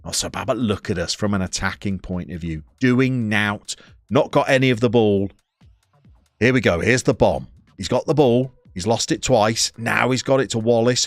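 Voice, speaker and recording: A low-voiced man chats through a live game stream, reading out messages from his viewers. His delivery is playful and conversational, with sudden excited outbursts at the game. The sound is dry and close, with faint music underneath. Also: no room sound. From England.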